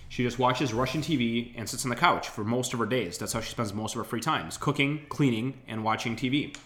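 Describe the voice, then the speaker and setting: A man's voice: medium pitch, a bit bright. Rambling podcast guy in a roomy echo. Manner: rambling, complaining, wry. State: recovering from illness. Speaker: podcast host. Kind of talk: casual podcast storytelling.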